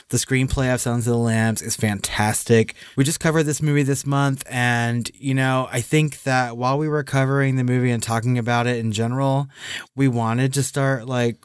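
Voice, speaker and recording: A man co-hosting a podcast in casual chat, enthusiastic and quick to laugh. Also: medium pitch, clear, resonant tone, no echo, clean studio sound. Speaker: podcast co-host.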